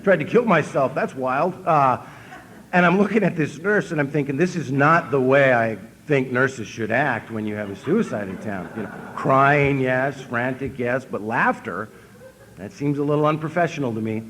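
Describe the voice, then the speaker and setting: A man with an Upper Midwest American accent giving a humorous recovery talk from a convention stage, telling stories in a deadpan, self-mocking way and acting out what people said. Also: medium pitch, normal speed. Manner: storytelling, deadpan self-mocking, acts out quotes. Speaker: speaker at an AA convention.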